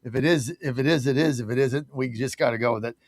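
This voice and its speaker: A man's voice: medium pitch, fast, no echo, clean studio sound. Casual male talk-radio host. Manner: casual, offhand.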